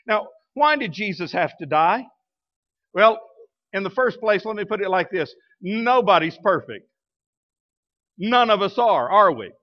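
Man, pastor, high voice, conversational sermon, rhetorical questions, dull lo-fi church recording. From United States.

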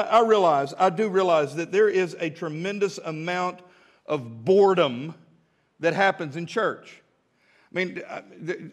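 Preacher guy in his 50s, highish voice, folksy and jokey, stumbles and restarts a lot. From American South. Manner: folksy and humorous, with many restarts; drops to a quiet, intimate tone for asides. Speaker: pastor. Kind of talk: sermon.

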